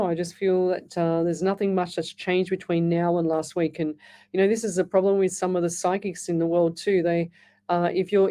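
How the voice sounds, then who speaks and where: A middle-aged Australian woman with a lowish, mellow voice hosts a live radio call-in show as a psychic medium. She talks in a loose, chatty way, reading listener messages aloud and doubling back on her own words. She calls her listeners "lovey.".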